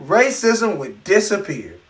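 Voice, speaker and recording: A man hosting a live podcast, delivering an animated, profane comedic rant full of incredulous asides. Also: high-pitched, slow pace, far from the mic. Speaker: podcast host.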